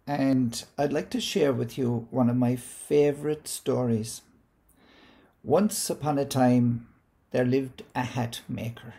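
A man with an Irish accent telling a folk tale gently and unhurriedly, acting out parts of the story. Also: a little high, vocal fry, slightly rough. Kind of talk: told folk tale with a moral.

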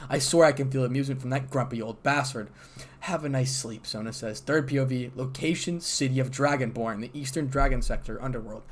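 A man's voice: medium pitch, fast talker, few pauses. Man reading fan fiction aloud. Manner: plain reading with small stumbles. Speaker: narrator.

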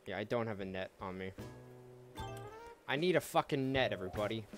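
A man's voice: on the low side, animated, fairly quick, faint music behind. A man giving casual, laid-back gameplay commentary, chatting to viewers and swearing freely. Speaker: let's play host.

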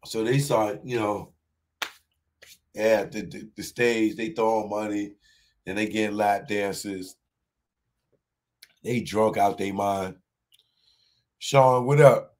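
A man performing live stand-up, telling a long story in slang, with many restarts, and jumping into high shouted voices for the other people in it. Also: flat delivery, takes it slowly, pauses often. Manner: repeats and restarts words, talks in slang. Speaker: stand-up comedian.

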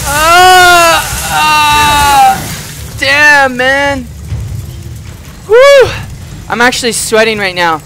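A man doing loud, excitable let's play commentary, swearing and yelling at the game. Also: very high voice, very slow, pauses often, a little hiss or hum. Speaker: gamer. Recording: music playing underneath.

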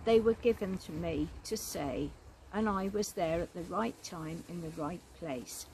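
An older Englishwoman, a church warden telling a personal faith story in a gentle, earnest way. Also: lowish voice, measured pace, slight background noise, low-quality recording. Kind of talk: personal testimony.

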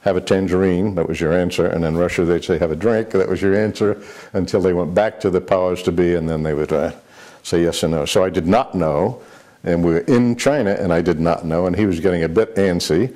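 A man's voice: sits low, a little fast, dark tone. An older man, a former military aide, answering interview questions with rambling anecdotes, many fillers and restarts.

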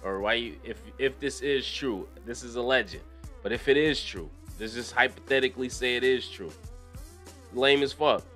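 A young man hosting a casual commentary show, reading news aloud with profane, animated riffs and frequent laughter. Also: mid-range voice, moderate pace, faint music behind. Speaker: commentary channel host.

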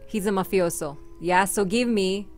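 A woman hosting a gaming channel, chatting casually and thinking out loud while she plays, laughing often. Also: medium pitch, moderate pace, faint music behind. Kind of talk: casual let's-play chat.

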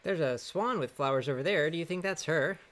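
A man's voice: a little high, a little fast, a bit bright. A man co-hosting a game stream, making offhand joking remarks. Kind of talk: casual game stream chat.

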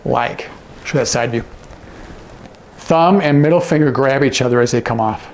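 A man's voice: medium pitch, normal speed, a little hiss or hum. A man teaching sign language, patiently naming each word and checking in with the viewer. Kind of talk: instructional demonstration.

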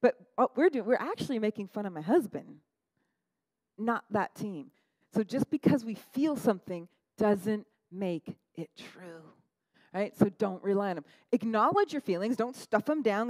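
A middle-aged woman pastor delivering a lively, conversational sermon, often tossing in "right?" to the congregation. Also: medium pitch, moderate pace, no room sound, low-quality recording. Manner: animated, conversational, frequent "right?" asides.

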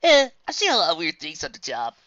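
A woman's voice: low-pitched, quick pace, dry recording, dull audio, heavily acted. A woman voicing an easygoing, teasing female pony DJ in a fan audiobook reading. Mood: breezy. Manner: breezy, teasing, relaxed.

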